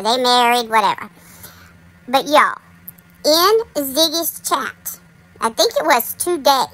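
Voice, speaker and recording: A woman hosts a casual commentary monologue in a high, bright voice. She is chatty and speaks straight to her viewers. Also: poor audio. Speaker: commentary channel host.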